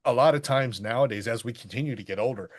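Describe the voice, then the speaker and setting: A middle-aged man co-hosting a podcast, chatting casually about a film in a rambling, animated way. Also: mid-range voice, fast talker. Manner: rambling, animated, bursts into quoted voices. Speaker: podcast co-host. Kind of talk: casual movie review chat.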